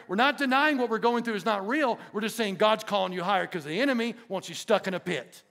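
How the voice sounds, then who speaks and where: A male pastor delivers an emphatic sermon in his church, throwing call-and-response asides to the congregation. His voice sits high for a man, with a gravelly, fry-laden edge. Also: animated, brisk, few pauses, fairly bright tone. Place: church sanctuary.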